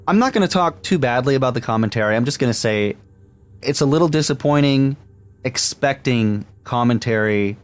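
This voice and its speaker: Podcast co-host, male, lowish voice, easygoing rambling chat with light laughter. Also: smooth. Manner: chatty, laughs often, many fillers and restarts. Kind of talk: casual movie podcast chat.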